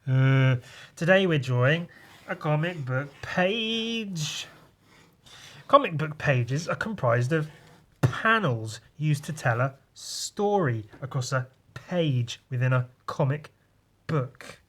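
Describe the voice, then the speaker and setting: A man's voice: a little high, animated, takes it slowly. Crude, rambling man drawing. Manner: crude, rambling, self-mocking jokes. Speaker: podcast host and comic artist. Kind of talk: casual drawing podcast.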